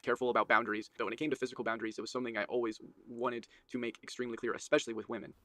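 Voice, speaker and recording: A man rushes through a prepared statement, earnest and defensive, barely pausing between sentences. His voice sits at a middle pitch and the recording is dry and close. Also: flat delivery, bright, forceful tone, dry recording. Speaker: creator making a statement video. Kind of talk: read-out personal statement.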